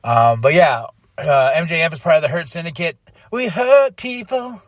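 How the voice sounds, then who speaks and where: A man hosting a podcast, recapping wrestling in casual talk and acting out quoted lines in quick mock voices. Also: fairly high pitch, dry recording, studio quality. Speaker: podcast host.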